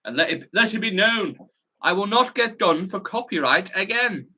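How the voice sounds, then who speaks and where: A young man, hosting a football watch-along live stream, chatting excitedly, reading comments aloud and swearing casually. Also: sits high, normal speed, husky.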